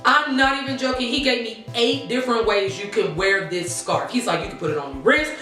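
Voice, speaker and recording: A young woman telling a casual storytime vlog, chatty and animated, talking straight to her viewers. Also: a little high, a little fast, roomy sound, faint music behind. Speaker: vlogger.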